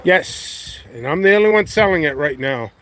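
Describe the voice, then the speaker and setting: A man's voice: on the high side, animated, moderate pace, fairly bright tone. A man hosting a casual walking vlog in his windy backyard, rambling easily and thinking aloud. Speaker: pepper grower and channel host. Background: light wind and outdoor noise.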